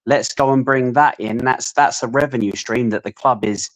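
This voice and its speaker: A man co-hosting a casual fan stream, talking at length in measured, opinionated stretches. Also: mid-range voice, poor audio. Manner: long opinionated monologues, measured. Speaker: podcast co-host.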